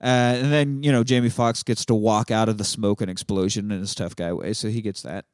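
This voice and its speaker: A man's voice: fairly low pitch, fairly even intonation, a little fast, no room sound, clean studio sound. A man hosting a podcast, animatedly retelling film scenes in casual, profane chat. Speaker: podcast host.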